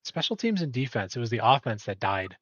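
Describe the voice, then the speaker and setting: A man's voice: mid-range voice, big pitch swings, brisk, a bit bright, dry recording. Man host for a league awards stream, rambling and chatty, slightly muffled dry audio. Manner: rambling, self-correcting, chatty. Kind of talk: casual awards commentary.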